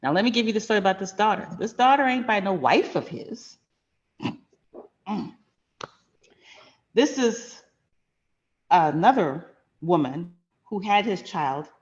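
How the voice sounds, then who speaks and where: A woman's voice: medium pitch, animated, a little slow, long pauses, lo-fi sound. A middle-aged woman hosting a finance channel, telling a personal story in a frank, emphatic, conversational way.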